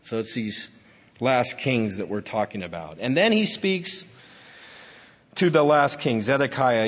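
A man preaches a heartfelt sermon in a husky voice, his pitch rising and falling widely as he moves between hushed and emphatic passages. The recording sounds dull and lo-fi, with a long reverb trailing off in a large hall. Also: lively intonation, unhurried. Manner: emotional, swinging from hushed to emphatic. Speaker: pastor.

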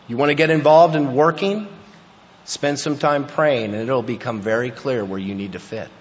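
A male pastor preaching a sermon, building from quiet asides to emphatic, forceful passages. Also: mid-range voice, normal speed. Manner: preaching, rising to emphatic intensity. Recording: echoey hall, dull lo-fi sound.

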